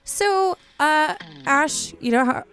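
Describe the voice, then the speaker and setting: A woman's voice: sits high, lively intonation, slow, a bit bright, faint music behind. A young adult woman co-hosting a podcast, chatting casually and playfully while reading ads. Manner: playful, giggly, trails into laughs. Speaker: podcast co-host.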